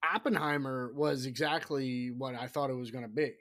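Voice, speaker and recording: A middle-aged man hosting a casual solo horror podcast, rambling and profane, dropping into hushed whispers for asides. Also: mid-range voice, moderate pace. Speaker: podcast host.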